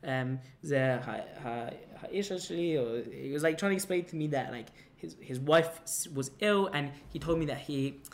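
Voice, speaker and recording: Young man, casual storytelling, halting, restarts and fillers, faint background hum. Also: fairly high pitch, vocal fry. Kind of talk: casual anecdote telling.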